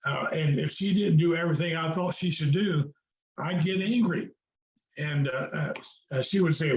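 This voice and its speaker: Speaking at an ordinary speed with a voice pitched a little high, an older guest on a video call recounts his story earnestly. He sounds like a preacher, repeating himself and using fillers, and the call audio is dull and echoey.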